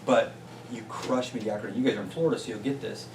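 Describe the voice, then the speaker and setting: A man giving an energetic motivational talk as a business coach to a small group, often checking in with "right?". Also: fairly low pitch, quick pace. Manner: energetic, peppers points with "right?". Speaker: business coach and guest speaker. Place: meeting room with a small audience. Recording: roomy distant sound with faint noise.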